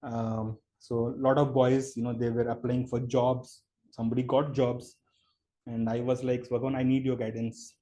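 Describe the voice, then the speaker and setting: A man tells a personal story at an online devotional session. He talks earnestly, with many fillers and pauses, and his voice rises with feeling at the story's high points. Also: level tone, warm tone. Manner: earnest storytelling with many fillers, rising emotion at key moments. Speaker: devotional speaker. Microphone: online call microphone.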